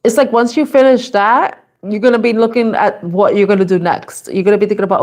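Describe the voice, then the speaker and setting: A woman doing a casual live-stream tarot reading from her office, playful and giggly, laughing often and repeating each question slowly as she shuffles. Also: medium pitch, fairly even intonation, darkish tone. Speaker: tarot reader.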